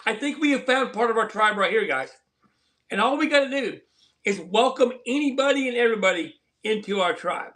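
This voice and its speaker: A man's voice: very high-pitched, lively intonation, fairly quick, bright, forceful tone. A man hosting a live stream, chatting in a rambling, earnest and preachy way to his viewers. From southern Colorado. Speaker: livestream host. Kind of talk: casual livestream chat.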